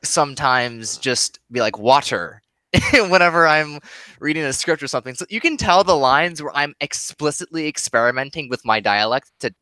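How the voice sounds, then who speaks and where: A man's voice: on the high side, animated, moderate pace, bright, forceful tone, no echo. A man with a Midwestern, Chicago-area accent, chatting casually on a live stream, rambling and laughing often. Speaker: streamer and YouTuber.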